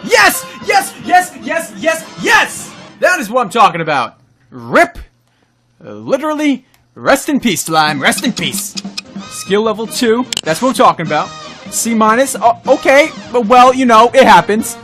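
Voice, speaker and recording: A man giving excitable gameplay commentary as a gaming video host, yelping and shouting at the game and talking to the enemies. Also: sits high, normal speed, soft background music. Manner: talks to himself and the enemies. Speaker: gaming YouTuber.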